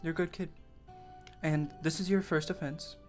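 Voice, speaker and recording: A man's voice: a little high, fairly even intonation, moderate pace, soft background music, close to an everyday voice. Young man doing a spaced-out vice principal. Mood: mellow. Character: stoned male vice principal, mellow.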